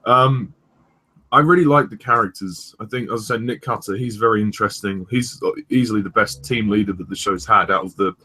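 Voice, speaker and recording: A young man hosting a casual review chat, rambling with many pauses and restarts. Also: fairly low pitch, sharp tone, husky. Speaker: host of a review discussion.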